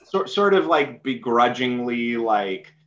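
A man from New City, a podcast guest talking casually and haltingly, full of ums and uhs. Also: medium pitch, animated, a bit bright, lo-fi sound. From New York City. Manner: hesitant, lots of fillers and restarts. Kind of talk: casual conversation.

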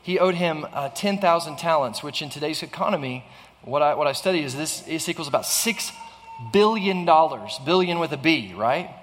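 A man's voice: on the high side, animated, normal speed, a bit bright, in a large hall. A man preaching a sermon in an earnest way, often restarting phrases and asking the listeners rhetorical questions. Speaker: pastor.

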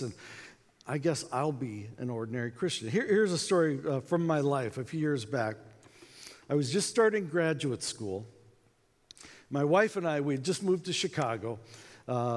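American man, conference talk, chatty storytelling, higher voice, echoey hall with long reverb. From United States. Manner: conversational, acts out quotes, many fillers. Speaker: conference speaker.

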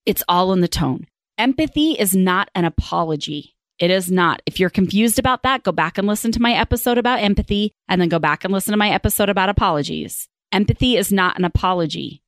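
A woman's voice: lowish voice, dry recording. A woman in her thirties hosting a parenting podcast, talking casually and acting out different tones of voice with emphatic repetition. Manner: animated, acts out example tones, emphatic repetition. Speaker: podcast host and parenting educator. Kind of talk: casual teaching talk.

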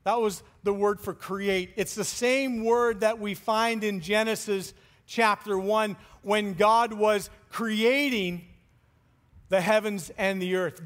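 A man preaching a sermon, speaking deliberately with pauses and letting phrases trail off softly. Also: high-pitched. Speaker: pastor.

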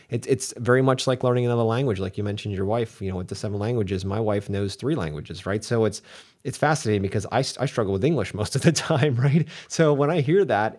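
A low-voiced man talking quickly on a podcast, in a casual back-and-forth. He rambles and doubles up on words as he works his thoughts out. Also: a little mellow. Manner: fast, rambling, repeats words as he thinks aloud. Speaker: podcast co-host. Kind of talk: casual conversation.

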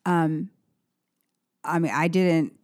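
This is a young woman from the United States with a lowish voice, telling stories as a guest on a talk show. She talks in a halting, wandering way, full of restarts and "you know"s. The sound is dry and close. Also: fairly even intonation, darkish tone, no room sound. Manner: rambling, halting with many restarts. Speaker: musician guest. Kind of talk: casual interview chat.

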